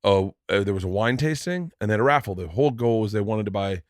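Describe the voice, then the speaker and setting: A middle-aged man hosting a podcast, telling stories in a loose, profane, animated way and acting out the people in them. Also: lowish voice, fast, dry recording, clean studio sound. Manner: profane, animated, acts out other people in the story. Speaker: podcast host. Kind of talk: casual comedic storytelling.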